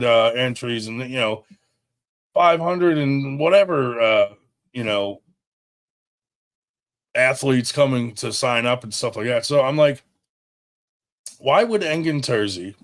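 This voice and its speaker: Guy ranting straight to camera, blunt, cursing, keeps restarting, average pitch. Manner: blunt and heated, swears often, many restarts. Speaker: brand owner addressing a rival promoter. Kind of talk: direct-to-camera statement.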